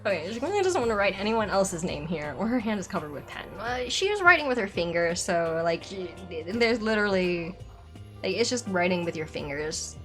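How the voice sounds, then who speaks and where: Young female streamer, casual rambling game commentary, lively swooping pitch, game music clear underneath. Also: fairly quick. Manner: rambling, animated, exasperated laughter. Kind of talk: casual let's play commentary.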